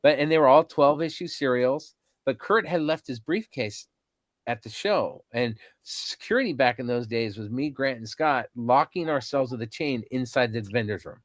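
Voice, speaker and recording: A man's voice: mid-range voice, moderate pace, dry recording. Chatty man in his fifties spinning anecdotes. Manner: animated anecdotes with frequent ums and restarts. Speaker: podcast guest, convention organizer. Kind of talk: casual storytelling interview.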